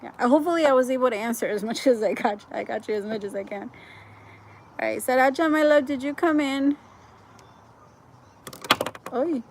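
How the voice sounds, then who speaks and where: A woman's voice: high voice, fairly quick, pauses often, a little hiss or hum. A woman giving a live-streamed tarot reading, chatty and effusive, with lots of "like" and frequent laughs. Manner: gets excited and loud at good news. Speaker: tarot reader.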